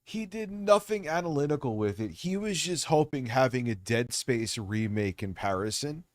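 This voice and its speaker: A man's voice: medium pitch, animated, normal speed, over a noisy crowd. A man hosting a casual livestream, talking in a rambling, jokey, off-the-cuff way. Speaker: livestream host.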